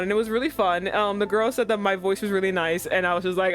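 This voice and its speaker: A young woman hosting a casual livestream chat, excitable, swearing and breaking into laughing outbursts. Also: medium pitch, fairly quick, soft background music. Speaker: streamer host.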